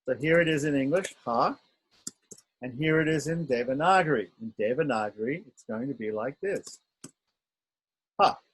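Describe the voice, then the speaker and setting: Husky man teaching script sounds. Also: medium pitch, normal speed, long pauses, rough recording. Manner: patient, repeats sounds and checks in with "right?". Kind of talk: online script lesson.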